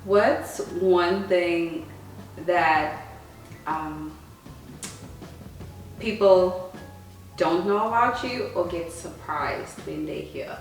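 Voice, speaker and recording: A woman's voice: fairly low pitch, drawn-out words, long pauses, soft background music. Woman, host, casual chat, giggly, lots of fillers, distant mic, echoey room. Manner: giggly, animated, many fillers.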